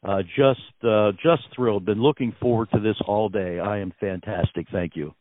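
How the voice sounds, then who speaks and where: A man's voice: on the low side, moderate pace, no echo. American man on a tinny phone line. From United States. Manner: effusive and gracious, with many fillers. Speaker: guest musician on a phone interview. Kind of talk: phone interview, casual storytelling.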